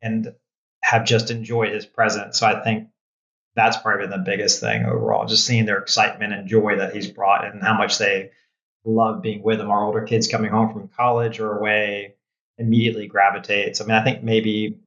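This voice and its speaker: A middle-aged man guest reflecting on fatherhood in a halting, thoughtful way. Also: on the low side, flat delivery, a bit bright. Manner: reflective, halting, often restarting. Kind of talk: reflective conversational talk. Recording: roomy, dull-sounding audio.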